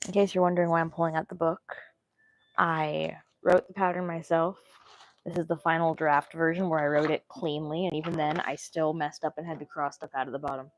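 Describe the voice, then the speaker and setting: Young woman, morning voice, rambly offhand crafting chat, lowish voice. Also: level tone, a little fast, rough recording. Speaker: crochet maker and seller. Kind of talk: casual work-along livestream chat. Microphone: wearable microphone.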